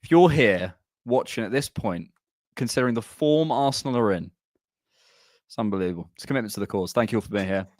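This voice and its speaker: A man's voice: on the low side, animated, quick pace, darkish tone, no echo, studio quality. A man hosting a live podcast, out of breath and bantering in a joking, chatty way. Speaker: podcast host. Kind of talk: casual live podcast chat.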